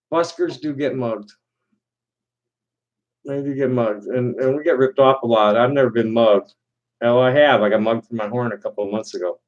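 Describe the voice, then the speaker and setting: A man's voice: mid-range voice, low-quality recording. A man who plays horn as a busker, hosting a casual livestream and rambling with many restarts and repeated words.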